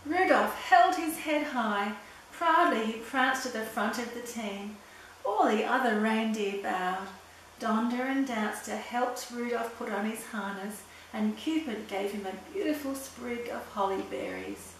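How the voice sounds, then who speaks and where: A woman with a fairly high voice reads a children's storybook aloud, gentle and expressive. She sounds far from the mic in a very echoey room, with a faint hiss behind her. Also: unhurried.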